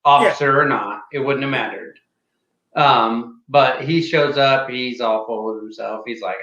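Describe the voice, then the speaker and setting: A man's voice: mid-range voice, measured pace, sharp tone, reverberant, muffled recording. A man, a former Marine hosting a podcast, telling stories bluntly with plenty of swearing. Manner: blunt and profane, dry asides. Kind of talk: casual podcast chat.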